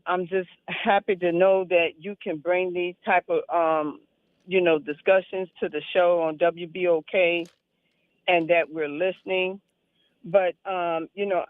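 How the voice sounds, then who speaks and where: A woman's voice: on the low side, dry recording. A woman calling into a radio show, speaking passionately and emphatically, repeating phrases for weight. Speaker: caller. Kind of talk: call-in radio talk. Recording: tinny phone line.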